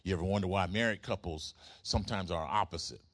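A man's voice: low voice, fast talker, a bit bright. A man preaching a sermon, using rhythmic repetition and call-and-response with the congregation. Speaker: pastor.

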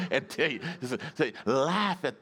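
A man's voice: medium pitch, fairly bright tone. A male pastor preaching a sermon, emphatic and calling out to his congregation for responses.

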